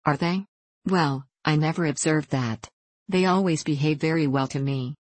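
A sincere, innocent young girl from a storybook who answers plainly and earnestly, read by a woman. Her voice is low-pitched for a woman and recorded close and dry. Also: moderate pace, no echo. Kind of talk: audiobook character reading.

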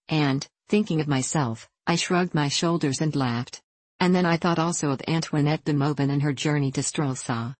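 A woman narrating a classic novel as an audiobook in measured, even storytelling. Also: sits low, no echo, low-quality recording.

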